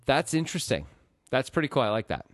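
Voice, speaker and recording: Animated man hosting sports talk. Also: medium pitch, fast talker, no room sound, clean studio sound. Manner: lively, rambling, chatty. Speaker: podcast host.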